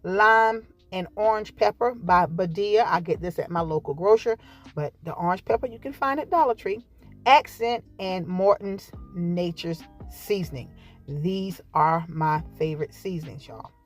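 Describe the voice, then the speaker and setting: A woman hosting a casual cooking vlog, chatty and folksy, calling her viewers y'all and baby. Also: fairly low pitch. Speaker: cooking channel host. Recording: faint background music.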